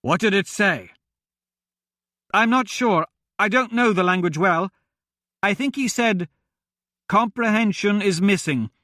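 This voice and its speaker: A man's voice: high-pitched, measured pace, pauses often, pushed and bright, dry recording, clean studio sound, pitched above the performer's own voice. A man voicing a young princess and sorceress who explains things eagerly, in an audiobook. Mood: urgent. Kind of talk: audiobook character voice.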